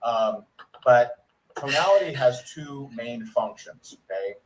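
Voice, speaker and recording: A man's voice: medium pitch, animated, slow pace, recorded from a distance, a little hiss or hum, rough recording. A man giving a network marketing training and acting out sample conversations with prospects. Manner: conversational, acts out sample dialogues. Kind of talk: sales training talk.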